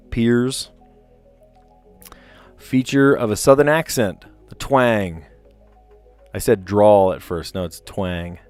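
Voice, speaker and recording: A man casually chatting on a live stream, reading puzzle clues aloud and rambling to his viewers. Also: on the low side. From New Jersey.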